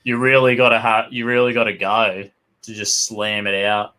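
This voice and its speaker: A man's voice: lowish voice, monotone, normal speed, sharp tone. An Australian man chatting as co-host, swearing constantly and telling rowdy pub anecdotes. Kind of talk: casual chat.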